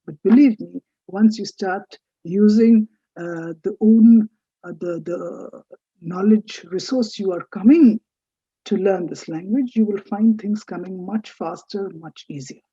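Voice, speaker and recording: A woman teaching a French lesson, speaking slowly and patiently and repeating words for learners to copy. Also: medium pitch, dark tone, husky, no room sound. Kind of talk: recorded language lesson. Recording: dull lo-fi dry recording.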